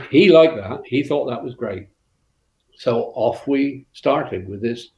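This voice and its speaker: An older West Country man who used to co-drive in rallies tells long, rambling interview stories, slow and expressive in a mid-range voice. Fillers and restarts abound, and the recording has a roomy, dull, lo-fi quality.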